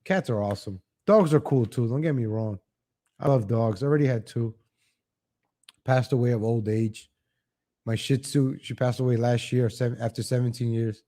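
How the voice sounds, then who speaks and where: A man's voice: medium pitch, moderate pace. A man hosting a casual morning livestream, chatting loosely and thanking viewers in the chat. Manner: rambling, warm toward chat viewers, frequent restarts. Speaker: host.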